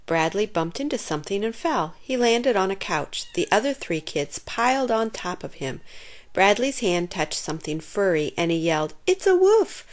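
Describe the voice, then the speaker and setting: A woman reading a children's chapter book aloud, narrating expressively and giving the characters lively voices. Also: on the low side. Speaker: storyteller.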